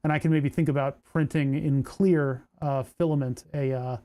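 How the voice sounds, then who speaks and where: Streaming his electronics build, a man chats casually at a moderate pace, his voice on the high side, warm, with fairly even intonation. He mutters to himself as he works at the workbench, and his hands are cramping.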